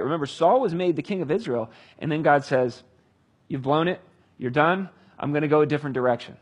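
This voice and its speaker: A man's voice: fairly high pitch, brisk, husky. A man preaching a sermon in a conversational style, reading scripture with dramatic emphasis. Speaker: pastor.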